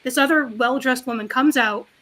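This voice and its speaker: Woman on a stream call, bright sharp voice, kinda high, rambles through a story, frank and animated. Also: normal speed. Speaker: panelist on a talk show. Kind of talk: casual storytelling. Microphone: livestream call mic.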